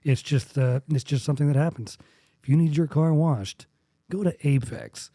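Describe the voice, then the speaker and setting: A man's voice: fairly high pitch, mellow, no room sound, clean studio sound. A young man from with a drawl, hosting a casual podcast chat and joking around as he rambles. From West Texas. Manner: joking, rambling, quick to laugh. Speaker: podcast host.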